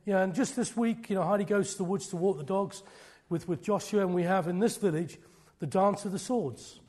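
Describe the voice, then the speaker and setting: Man, middle-aged, preacher, sermon, high voice, breathy, loud-to-whisper swings. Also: fairly quick. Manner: swings from loud declarations to hushed near-whispers.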